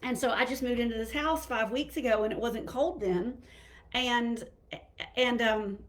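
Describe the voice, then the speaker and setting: A middle-aged woman with a Southern American accent chats on a live stream. Her voice sits a touch high, and she sounds slightly out of breath. She rambles through stories with plenty of ums and restarts. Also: unhurried. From Southern United States. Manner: chatty, rambling, with many fillers and restarts. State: a little out of breath. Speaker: internal medicine physician hosting a live stream. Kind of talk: casual live-stream talk.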